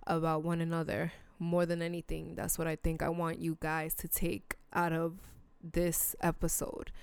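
A woman with a low, gravelly voice talks straight to her listeners in a solo podcast episode. She is blunt and earnest, casual with some swearing, and deeply sincere. The sound is smooth and dry. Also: completely flat delivery, normal speed, hardly any pauses, dry recording. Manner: emotional, sincere appeals to listeners. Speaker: podcast host. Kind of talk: heartfelt solo podcast talk.

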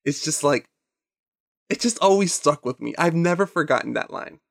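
A young man co-hosting a casual movie podcast, excitable and quick to laugh, with some swearing. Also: a little high, gravelly, no room sound, clean studio sound. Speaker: podcast co-host.

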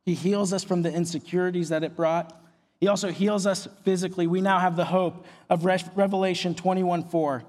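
Young guy preaching, pretty high voice, lots of repeated punchy lines, big echoey auditorium. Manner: earnest preaching with repeated emphatic phrases. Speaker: pastor. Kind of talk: sermon. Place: large auditorium. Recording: long hall reverb.

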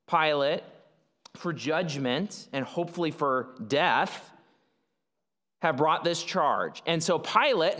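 A male pastor with a fairly high-pitched, fairly bright voice preaches a sermon, explaining things as he goes. He frequently restarts phrases and leans on fillers, and the recording carries a long hall reverb.

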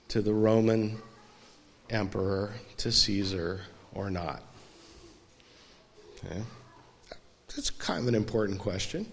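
A man's voice: medium pitch, big-room sound, slight background noise. A man preaching a sermon in a conversational way, often putting questions to the congregation. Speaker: pastor.

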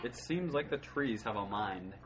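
A man's voice: on the low side, expressive, normal speed, poor audio. A man narrating an improvised spoof to friends, often chuckling as he goes. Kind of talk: casual storytelling among friends. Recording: home recording with friends laughing.

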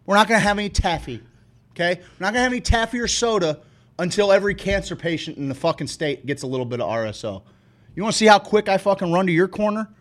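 A man's voice: sits high, lively intonation, fast. A man co-hosting a podcast, talking in a heated, emphatic rant full of swearing. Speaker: podcast co-host. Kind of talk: casual profane rant.

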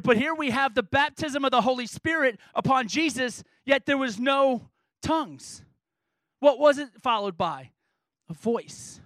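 A man's voice: extremely high pitch, a bit bright, no echo, poor audio. A man preaching a sermon as a pastor, earnest and emphatic, driving points home with repeated rhetorical questions.

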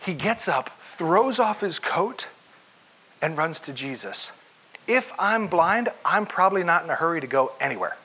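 A male preacher delivers a sermon with expressive storytelling and often steps into the scene himself. His voice sits somewhat high, with a bright, forward tone and a husky grain. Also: normal speed, low-quality recording.

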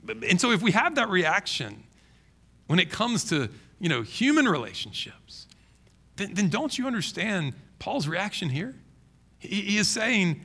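A man preaching with a high, lively voice that swoops through every phrase. His tone is bright and forceful with a gravelly edge, emphatic and full of quick restarts. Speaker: pastor. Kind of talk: sermon.

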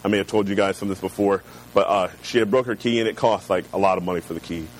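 A man preaching a sermon, reading scripture slowly and then telling personal stories in a relaxed, conversational way. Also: low voice, a little hiss or hum, low-quality recording. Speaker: pastor.

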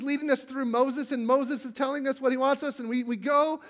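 A male pastor preaching a sermon, telling the story with animation and acting out the quotes, then growing hushed when he reads scripture. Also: very high-pitched, steady tone, fairly quick, few pauses. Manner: drops to a hushed, reverent tone when reading scripture.

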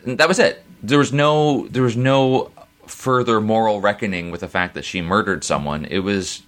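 A man with a somewhat low voice and a bright, clear edge talks through scenes on a podcast. He agrees with his co-host readily, laughs easily and goes over moments step by step. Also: normal speed. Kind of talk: casual podcast discussion.

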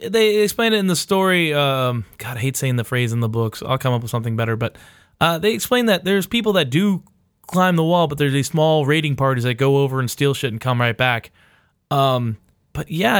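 A man's voice: fairly high pitch, lively intonation, a little fast, no room sound, clean studio sound. A man hosting a podcast in casual chat, loose and profane, with lots of filler uhs. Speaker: podcast host.

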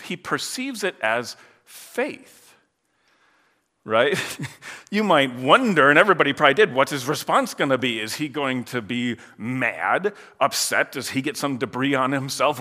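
A male pastor delivering a sermon in a relaxed, conversational way, tossing in asides and acting out quick quotes. His pitch moves a lot and his tone is bright and forward. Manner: conversational, lively retelling with asides and voiced quotes.

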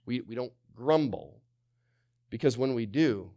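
A male pastor preaching a sermon, swinging from loud to hushed, firing rhetorical questions and calling on the congregation to answer. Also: medium pitch, expressive, measured pace. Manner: asks many rhetorical questions.

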